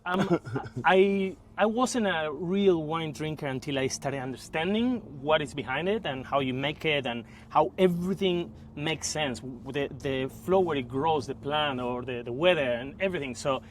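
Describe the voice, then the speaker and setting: A man's voice: a little high, normal speed, slight background noise. Argentine man with a Spanish accent. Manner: lively, laughs often, searches for words. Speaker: podcast guest. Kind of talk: casual chat.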